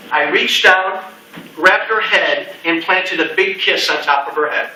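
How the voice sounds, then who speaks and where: A man's voice: high-pitched, a little slow, pushed and bright, a little hiss or hum. A middle-aged man giving a punchy campaign speech to a crowd, repeating slogans with folksy asides. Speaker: political speaker. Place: meeting room with an audience. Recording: echoey room, mic from a distance.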